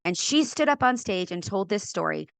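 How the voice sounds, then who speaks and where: A middle-aged woman from California, a podcast guest and author, telling her faith story in an animated way, acting out quoted voices and laughing often. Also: mid-range voice, normal speed, gravelly, smooth, no room sound. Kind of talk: animated testimony in a faith interview.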